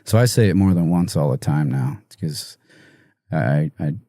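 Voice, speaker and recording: Soft-spoken man with a low dark voice. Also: animated, no room sound, studio quality. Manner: halting, soft-spoken, many fillers and restarts. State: emotional, choked up. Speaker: musician guest. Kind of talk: podcast interview.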